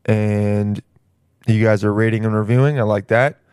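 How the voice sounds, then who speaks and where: A man's voice: fairly low pitch, steady tone, moderate pace, a little mellow, clean tone, no echo, clean studio sound. A man hosting his own podcast, rambling casually in slang and calling the listener "dude". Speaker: podcast host. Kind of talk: casual solo podcast monologue.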